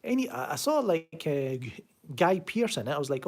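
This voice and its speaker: Here a fairly high-pitched male voice moves at a moderate pace with big swings in pitch. The speaker, a Glasgow-accented man from Scotland, is on a home live stream, casually answering chat with sardonic, rambling remarks and reading messages aloud.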